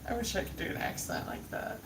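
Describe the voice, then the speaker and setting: A woman co-hosting a casual stream, throwing in playful wisecracks. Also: fast talker. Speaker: stream co-host. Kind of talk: casual chat while watching a video. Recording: echoey, distant mic with noise.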